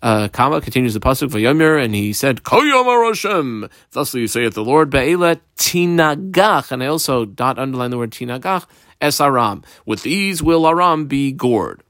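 A man's voice: mid-range voice, moderate pace, fairly bright tone, dry recording, clean studio sound. A man teaching a Talmud page step by step, reading Hebrew and Aramaic phrases aloud in Ashkenazi pronunciation and translating each as he goes. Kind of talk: daf yomi Talmud lesson.

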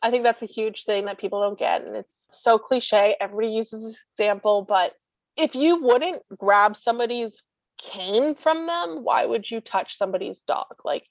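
A woman guest talking casually about life with her service dog, blunt and sarcastic with quick asides. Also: on the high side, no room sound, rough recording. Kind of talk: casual chat.

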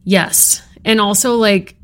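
A woman's voice: mid-range voice, steady tone, slow pace. A woman co-hosting a podcast in casual chat, wry and dramatically exasperated as she picks apart a book. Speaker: podcast co-host.

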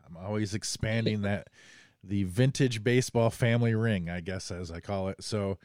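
A man's voice: fairly low pitch, moderate pace, darkish tone, clean tone, no echo, clean studio sound. A man hosting a casual podcast, joking and rambling as he talks, a bit under the weather. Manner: joking, rambling, self-deprecating. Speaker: podcast host.

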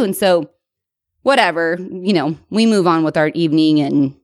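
Telling a bar story in casual chat, this thirtysomething podcast co-host keeps things animated, saying "like" a lot and swearing now and then. She speaks at normal speed in a lowish voice, with no room sound and studio quality.

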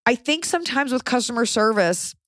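A woman podcast host in her thirties telling a casual story in a frank, animated way, often acting out what people said. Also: a little high, fairly quick, dry recording, clean studio sound. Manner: animated, acts out quoted voices, frank and profane.

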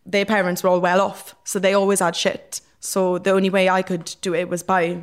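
A young Welsh woman speaks in a lowish, clean voice at a normal speed with a flat delivery. As a guest, she tells stories from her past casually and candidly, rambling frankly and using plenty of fillers.

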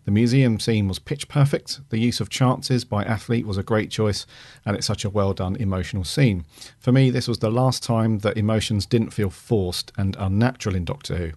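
A man co-hosting a podcast, reading listener reviews aloud in a relaxed way with frequent fillers. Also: fairly low pitch, normal speed, hardly any pauses, no room sound. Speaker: podcast co-host.

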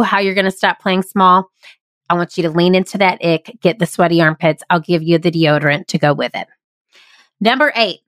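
A woman's voice: fairly low pitch, fairly bright tone, no room sound. A woman hosting her own podcast, giving an upbeat, emphatic motivational talk into a microphone in a small closet. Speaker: podcast host and improv workshop leader. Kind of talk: solo podcast monologue. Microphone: studio podcast microphone.

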